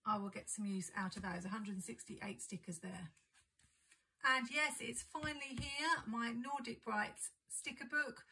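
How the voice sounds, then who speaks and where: Woman, craft vlogger, chatty and eager, crisp bright tone with a husky edge. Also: a little high, low-quality recording. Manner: chatty, enthusiastic, describing items as she shows them. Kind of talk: casual haul unboxing chat.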